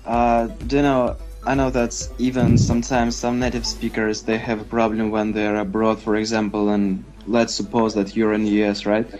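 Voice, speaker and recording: A man in an online English club, asking questions politely and a little haltingly. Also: lowish voice, completely flat delivery, a little mellow, soft background music, poor audio. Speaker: club participant. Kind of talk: casual chat as an English learner.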